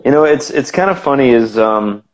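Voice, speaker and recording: A man's voice: medium pitch, lively intonation, moderate pace, poor audio. A man from Massachusetts with a Boston accent, a guest telling stories in casual chat, rambling with many restarts.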